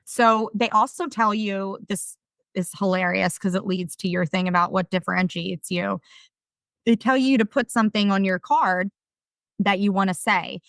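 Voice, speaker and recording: A woman in her thirties with a South Jersey accent, a podcast guest telling stories in an animated, self-deprecating way. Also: mid-range voice, normal speed, gravelly, no echo. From South Jersey, USA. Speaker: podcast guest, game show winner. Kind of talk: casual storytelling interview.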